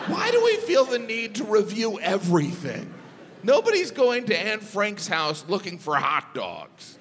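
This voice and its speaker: A man from the American Midwest doing a deadpan stand-up routine on a theater stage, jumping into high, mocking voices for the people in his jokes. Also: unhurried, very noisy. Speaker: stand-up comedian. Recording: reverberant theater with audience laughter. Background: audience laughter.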